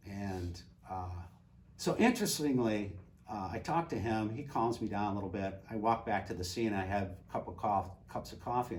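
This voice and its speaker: Low-voiced retired man telling a story. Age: older. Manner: animated storyteller, acts out quoted dialogue. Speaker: guest. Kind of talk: casual storytelling. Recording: distant mic with faint ambient noise.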